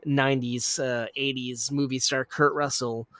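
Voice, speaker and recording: A man casually retelling a movie plot in a rambling, profane way, with lots of fillers and quick laughs. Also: mid-range voice, flat delivery, fairly bright tone, no echo.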